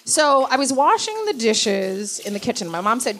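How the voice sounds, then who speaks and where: A young woman, a comedy writer, telling funny stories in a lively, laughing way and acting out the people in them. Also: on the high side, normal speed, background noise. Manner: animated, laughs often, acts out voices in her stories. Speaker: comedy writer and guest storyteller. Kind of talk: casual comedic storytelling before a live audience.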